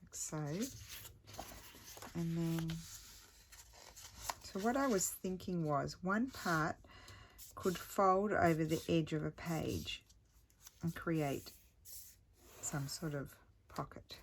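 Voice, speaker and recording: A middle-aged woman with a low voice talks through a craft project at home. She thinks out loud in a casual, self-mocking way. The room has a faint hiss behind her. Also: animated, slow, long pauses. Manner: chatty, thinks aloud, self-deprecating. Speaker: craft vlogger. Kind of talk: casual crafting tutorial chat.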